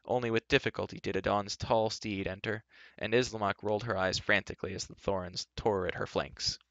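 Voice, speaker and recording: A man reads a novel aloud at a steady, measured pace. His voice is on the low side, and the recording is dry and somewhat dull. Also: vocal fry, dry recording. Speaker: reader.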